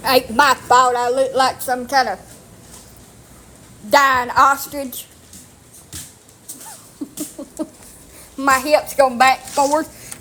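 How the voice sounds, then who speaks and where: A storyteller vlogger records on her phone outside on rural land with dogs, her high voice flat, pushed and bright. She talks very slowly with frequent pauses, and her storytelling is casual, blunt, salty and self-deprecating.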